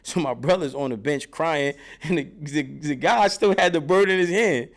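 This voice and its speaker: Animated streetwise man telling stories. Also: on the high side, moderate pace. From New York. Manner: animated, profane street storytelling with loud bursts when reenacting. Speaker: interview guest. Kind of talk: casual storytelling in an interview.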